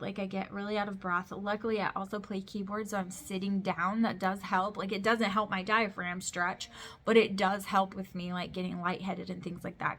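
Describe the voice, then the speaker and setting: A woman in her thirties talks straight to her viewers in a relaxed home vlog. Her talk is chatty and candid, with plenty of fillers and restarts, and her pitch sits in an ordinary middle range. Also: vocal fry, a little hiss or hum. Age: 30s. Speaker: vlogger. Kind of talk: casual pregnancy update vlog. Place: home with kids heard in the background.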